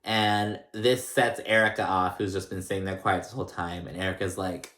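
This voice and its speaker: A man's voice: low-pitched, level tone, moderate pace, fairly bright tone. A man casually recapping a reality show, gossipy and blunt, with lots of "like" and swearing. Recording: echoey room.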